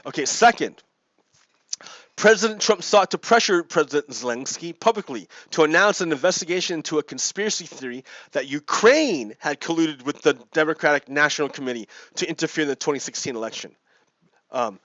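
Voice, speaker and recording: A man's voice: a little high, expressive, a little fast, fairly bright tone, no room sound. A man hosting a gaming video, reading out and explaining politics in a casual, chuckling way, often repeating himself. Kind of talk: casual commentary while playing a game. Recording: dry, dull lo-fi mic.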